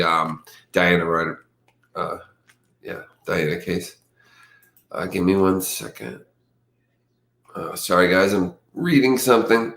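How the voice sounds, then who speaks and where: A man's voice: low voice, fairly bright tone. A man hosting a casual livestream who chats loosely with his audience, reads crime news aloud and stumbles over hard words. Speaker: livestream host. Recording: echoey room.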